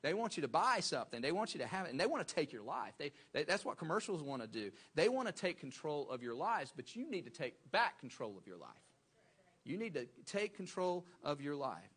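A man's voice: a little high, sing-song, brisk, a bit bright, slightly rough. A male pastor preaching a sermon, emphatic and repeating phrases for stress.

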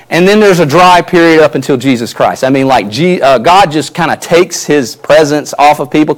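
Male pastor, sermon, earnest, emphatic, somewhat high voice, repeats himself. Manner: earnest preaching, rising and falling emphasis, repeats words.

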